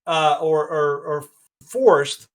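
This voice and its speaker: A man's voice: fairly high pitch, very slow. A man hosting a podcast, giving rambling, opinionated commentary with frequent restarts. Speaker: podcast host.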